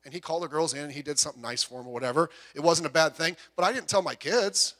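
A middle-aged man preaching a sermon in a church, talking in a conversational, animated way with stories and asides. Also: fairly high pitch, fast. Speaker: associate pastor. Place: church sanctuary with speakers.

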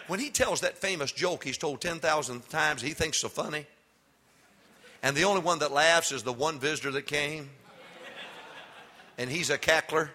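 A high-pitched man preaching in a church, his tone bright and cutting. He trades jokes and stories with the congregation, then swings into hollered calls for amens. He is a middle-aged pastor holding the room. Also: lively intonation, moderate pace, long pauses. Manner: jokey storytelling that builds into shouted exhortation. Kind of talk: humorous sermon. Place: church before a live congregation.

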